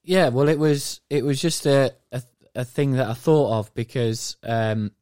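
A man's voice: medium pitch, unhurried, darkish tone, no echo. Podcast guy, blunt and teasing, swears, dry close sound. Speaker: podcast co-host. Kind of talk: casual chat.

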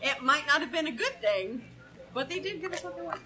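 A woman's voice: high voice, lively intonation, fairly quick, a crowd in the background. A woman moderating a casual comedic debate in a playful, laughing way.

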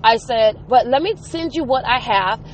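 A woman's voice: fairly high pitch, expressive, moderate pace, a little hiss or hum. A middle-aged woman talking casually, venting and retelling conversations in quotes. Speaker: mother vlogging about her day. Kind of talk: casual storytelling monologue.

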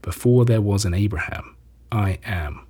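A man reading scripture, giving Jesus's lines in a measured, solemn way. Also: lowish voice, mellow, breathy edge. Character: Jesus, a calm, authoritative teacher, adult man.

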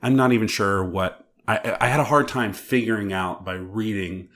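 A man's voice: on the low side, moderate pace, a bit bright. A man co-hosting a podcast, chatting casually in a rambling, enthusiastic way with lots of fillers. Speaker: podcast co-host. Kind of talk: casual chat.

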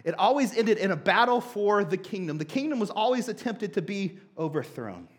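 A young man preaching a sermon, telling a childhood story with animated, conversational energy. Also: high-pitched, normal speed. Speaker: pastor.

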